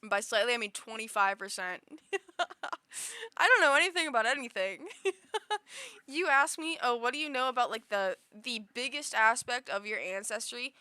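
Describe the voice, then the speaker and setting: Woman streamer, bright voice, loose rambling chatter with giggles. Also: a little high, lively intonation, normal speed, clean tone, no room sound. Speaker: livestreamer. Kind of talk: casual chat with stream viewers.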